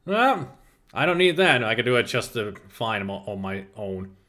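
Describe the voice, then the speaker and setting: A man's voice: medium pitch, big pitch swings, normal speed, sharp tone. A man from Finland, hosting a livestream and chatting casually as he reads the live chat, laughing often and restarting words. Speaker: livestream host.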